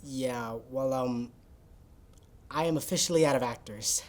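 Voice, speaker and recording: A woman's voice: rumbling low, measured pace. A woman playing a nonchalant, scheming young male assistant who talks offhandedly over a video call in a comedy sketch.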